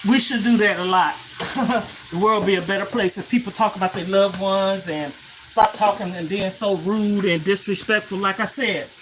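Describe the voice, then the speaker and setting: A woman's voice: mid-range voice, noisy background. An older woman hosting a casual live stream from her kitchen while cooking, scolding rude commenters one moment and fondly reminiscing about her grandmother the next. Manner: scolding rude viewers, then fond reminiscing. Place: home kitchen.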